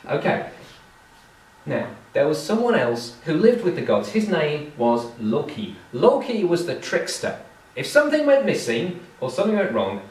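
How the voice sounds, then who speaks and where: A British man telling a legend live to an audience in an animated way, acting out the voices. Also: medium pitch. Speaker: storyteller. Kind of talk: live storytelling performance. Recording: echoey live room from far off.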